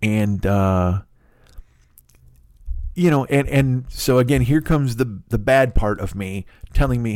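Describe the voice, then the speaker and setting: A man's voice: medium pitch, slow pace, pauses often, a little mellow, dry recording. A man hosting a podcast, telling a story in a casual, profane, rambling way, full of restarts. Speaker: podcast host. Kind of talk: casual monologue.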